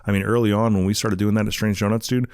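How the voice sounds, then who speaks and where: A man's voice: lowish voice, little pitch movement, quick pace, a little mellow, smooth, no room sound, studio quality. A man guest talking in a laid-back, casual way, dropping "dude" often. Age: adult, a parent. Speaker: donut shop owner, guest. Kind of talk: casual conversation.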